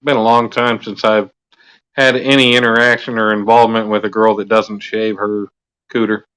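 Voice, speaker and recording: A man's voice: on the low side, little pitch movement, normal speed, a bit bright, clean tone. A man, chatting casually on a livestream and telling jokes with put-on voices.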